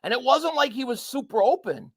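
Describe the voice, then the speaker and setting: A man streaming a live reaction to a football game, calling the plays and reading viewer chats aloud. He talks excitably, repeats himself when worked up, and swings from shouting at calls to flat frustration. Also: very high-pitched, fairly quick.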